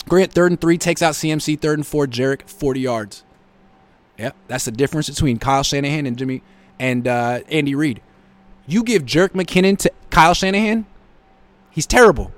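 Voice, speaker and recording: A man's voice: a little high, no room sound. A man hosting a live sports reaction show, reading viewer comments and answering with blunt sarcasm.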